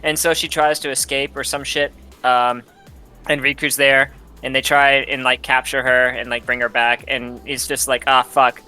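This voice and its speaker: A man's voice: mid-range voice, level tone, normal speed, pushed and bright, smooth, soft background music. A man casually retelling a game's story, rambling and swearing, often laughing. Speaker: host retelling a game's plot. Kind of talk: casual drunk chat.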